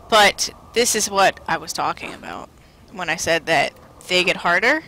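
A woman giving casual commentary while playing a video game, exasperated and self-deprecating, often shouting at the enemies on screen. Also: on the low side, a little slow, slight background noise. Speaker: let's play commentator.

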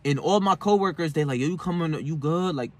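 A man's voice: a little high, a little fast, dry recording. A young man vlogging a personal story in casual, profane street slang, shifting between heated and subdued. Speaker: self-help vlogger.

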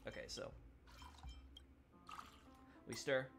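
With drawn-out words and a fairly bright tone, this game streamer chats easily with viewers over faint background music. His talk is casual let's-play commentary, aimed at chat while he keeps playing.

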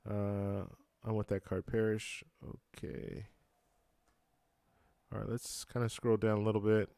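A lowish voice with vocal fry belongs to a man hosting a travel live stream at home, close to his mic, a computer fan running nearby. He chats through comments in a relaxed, halting manner with plenty of fillers and restarts, laughing easily, and there's no echo.

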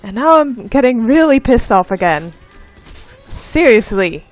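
A woman with a fairly high, animated voice talks through a video game in an unhurried drawl. She is easily frustrated and curses and yells at the screen, then laughs at herself. Faint game music plays underneath. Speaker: let's play gamer. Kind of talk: casual gameplay commentary.

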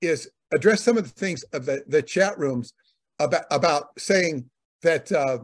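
A man's voice: on the high side, lively intonation, a little slow. A man co-hosting a talk, rambling in casual commentary, often repeating words and using fillers. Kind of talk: conversational commentary.

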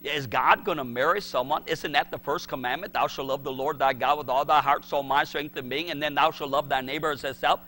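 A man's voice: on the high side, steady tone, a little fast, hardly any pauses, bright, forceful tone. A male pastor preaching a sermon, emphatic and repetitive, acting out the voices he quotes.

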